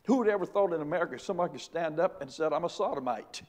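A man's voice: on the high side, animated, very fast, a little mellow. A middle-aged man, a pastor preaching a sermon with emphatic, repeated rhetorical questions.

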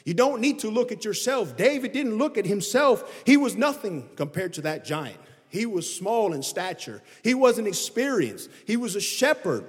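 High-voiced man preaching in a reverberant hall. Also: big pitch swings, moderate pace, few pauses. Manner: emphatic preaching that rises and drops in pitch and loudness. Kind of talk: sermon.

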